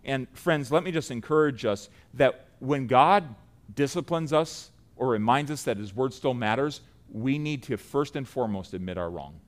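A middle-aged man preaching a sermon, earnest and building to loud emphatic peaks. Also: mid-range voice, animated, moderate pace.

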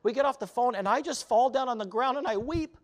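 A man preaching a sermon as a missionary, telling a story with animated, rising passion. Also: very high-pitched, fast.

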